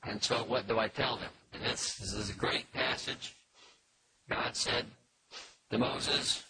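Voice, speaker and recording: A man's voice: mid-range voice, steady tone. Man teaching a Bible lesson over background noise. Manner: measured, explanatory, with pauses and fillers. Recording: noisy recording with faint clicks.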